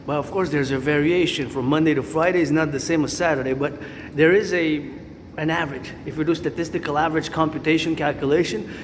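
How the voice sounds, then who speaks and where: Rambling man on a noisy city street. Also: fairly high pitch. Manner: rambling, repetitive, thinks aloud, chants cadences. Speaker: vlogger. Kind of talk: rambling walking vlog. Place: city streets outdoors with traffic. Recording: street noise behind.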